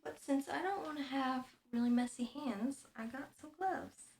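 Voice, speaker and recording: A woman's voice: high-pitched, normal speed, a little mellow. A woman in her twenties from the United States, chatting casually as a streamer while she works at home, thinking aloud with lots of fillers. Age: 20s. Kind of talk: casual explaining while working.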